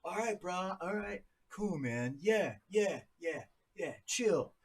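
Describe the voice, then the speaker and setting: A man putting on the voice of a laid-back California surfer dude with a slow, slangy drawl. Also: high voice, lively intonation, creaky, slightly rough, distant mic, pitched above the performer's own voice, exaggerated voice.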